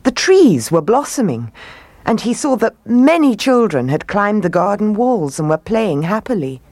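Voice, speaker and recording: A woman telling a children's story aloud in a gentle, expressive read-aloud manner. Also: mid-range voice, moderate pace, no echo.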